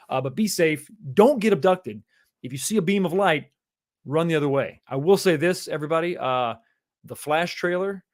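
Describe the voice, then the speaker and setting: A man in his forties hosts a relaxed livestream. His voice sits a little high for a man, and he chats along in an easygoing way, chuckling and repeating himself as he reads out comments. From Texas, USA. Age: 40s. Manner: chatty and easygoing, with frequent chuckles and repeated phrases. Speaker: livestream host. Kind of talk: casual livestream chat, reading viewer comments.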